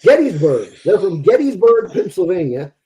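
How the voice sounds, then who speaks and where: A man's voice: sits high, big pitch swings, moderate pace, dark tone. A man hosting a podcast in casual chat, rambling and poking fun at himself, laughing often. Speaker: podcast host.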